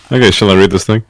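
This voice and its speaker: A man with a Northern English accent reading a horror story aloud as co-host, with low-key dry asides. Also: no echo. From England.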